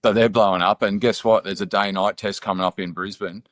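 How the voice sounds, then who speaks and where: Deep-voiced sports co-host. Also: male voice, fairly even intonation, brisk, dry recording. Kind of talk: casual sports chat.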